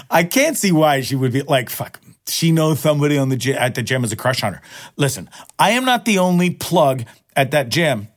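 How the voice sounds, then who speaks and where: A man in his forties talks alone into a podcast microphone, rambling from one story to the next with plenty of swearing and jokes at his own expense. His pitch swings widely and sits a little high for a man. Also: sing-song, moderate pace. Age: 40s. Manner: profane, rambling, self-mocking banter. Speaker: podcast host. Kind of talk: solo podcast monologue.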